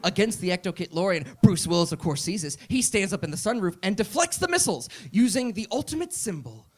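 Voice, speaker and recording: A man performing a comedy monologue with lots of energy. His voice sits slightly high and swings widely in pitch. He often builds his lines up to shouts. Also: a little fast. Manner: animated, excitable, building to shouts.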